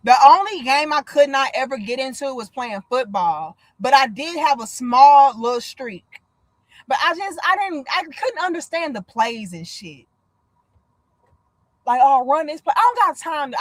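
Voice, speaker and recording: A woman's voice: sits high, normal speed, dry recording. A woman in her thirties, from the United States, hosting a casual livestream chat, blunt and profane, telling stories with lots of energy. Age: 30s. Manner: blunt, profane, animated storytelling. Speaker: livestream host.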